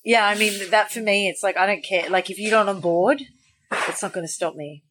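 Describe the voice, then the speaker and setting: Woman, podcast guest, lively storyteller, casual chat. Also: mid-range voice, poor audio. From Australia. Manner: animated, voices others in quick quoted asides.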